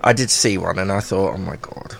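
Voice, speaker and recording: A man's voice: low voice, lively intonation, brisk, creaky, soft background music. A man hosting a radio show, chatting with a guest in a teasing, effusive way. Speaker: radio host. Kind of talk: casual chat on air.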